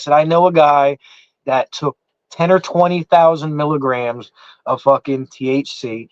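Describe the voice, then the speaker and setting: A man's voice: a little high, steady tone, moderate pace, no room sound. A man with an East Coast accent telling a long story in casual chat, swearing a lot and repeating himself with restarts. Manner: rambling, heavy swearing, lots of "I said" restarts. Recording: dull muffled lo-fi sound.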